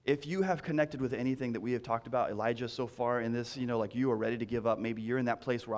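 A man's voice: medium pitch, fairly even intonation, fast, few pauses, darkish tone. A male pastor preaching a sermon in a conversational way, repeating key lines and restarting phrases as he talks.

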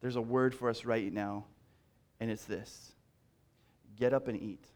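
A man's voice: medium pitch, fairly even intonation, a little slow. A male pastor preaching a sermon in a conversational way, repeating key lines and restarting phrases as he talks.

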